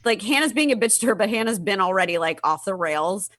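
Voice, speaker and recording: Woman panelist, bubbly and quick to laugh, bright forward tone. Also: medium pitch. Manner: animated, giggly, lots of "like". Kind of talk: casual film-review chat.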